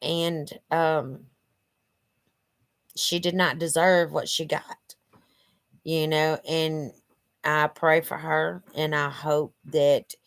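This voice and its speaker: A woman with a low, flat voice speaks extremely slowly, leaving long pauses, in a recording with no echo. She's a channel host vlogging casually to her viewers from her living room, earnest and rambling, full of "you know" fillers and a little stuffy from allergies.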